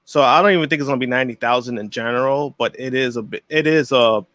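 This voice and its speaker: Bright-voiced man thinking aloud. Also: medium pitch, fast talker, no echo. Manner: thinks aloud, repeats his words. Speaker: podcast co-host. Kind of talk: casual chat.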